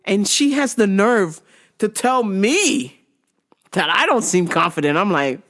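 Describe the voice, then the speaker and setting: A woman's voice: medium pitch, measured pace. Profane, laughing woman storyteller. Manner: profane, animated, often laughing. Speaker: podcast host. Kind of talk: casual comedic storytelling.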